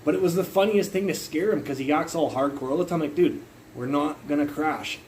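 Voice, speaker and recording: A man's voice: fairly high pitch, fairly quick, slight background noise, rough recording. A young man telling a rambling, profane story in a casual livestream from his phone. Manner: rambling, profane, animated retelling.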